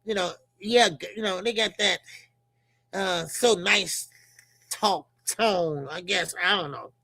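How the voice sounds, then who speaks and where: A middle-aged man with a Chicago accent giving casual, profane, animated boxing commentary as a channel host. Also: high-pitched, takes it slowly, no echo. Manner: animated, profane, laughing banter.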